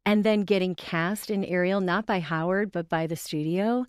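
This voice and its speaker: A woman's voice: lowish voice, normal speed, darkish tone, smooth, no room sound, clean studio sound. A middle-aged woman, a guest on a chat show, telling stories in a bubbly way and laughing often, a little tired from short sleep. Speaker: guest voice actress and singer. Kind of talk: casual podcast chat.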